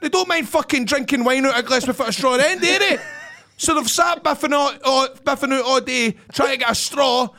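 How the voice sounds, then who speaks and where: A Scottish man rants through a pub-style story on a podcast, swearing freely. His voice is very high and bright. He drives the tale with exasperated energy. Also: fairly quick. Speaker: podcast co-host. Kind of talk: casual storytelling chat.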